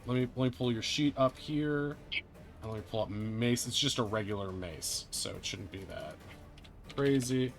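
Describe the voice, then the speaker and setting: A man's voice: medium pitch, normal speed, vocal fry, soft background music. A man running a tabletop game as game master, chatty and playful, narrating with casual fillers.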